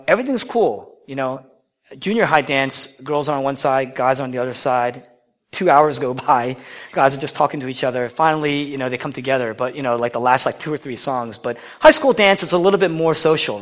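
Male preacher, mid-pitched, dynamic delivery, bold claims dropping to near-whispers. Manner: dynamic, swings from loud declarations to hushed whispers; conversational, asks the listeners questions. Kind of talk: sermon.

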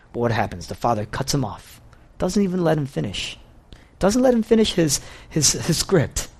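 A man preaching a sermon in a fairly high voice. His pitch swoops up and down all the time as he tells the story with animation. He often says key phrases twice to drive them home. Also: very animated, moderate pace.

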